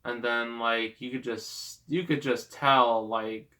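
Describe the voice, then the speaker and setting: Guy rambling thru a movie review, slow and bright, lots of um and like, kinda sarcastic. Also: mid-range voice, fairly even intonation. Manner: rambling, sarcastic, with many fillers and laughs.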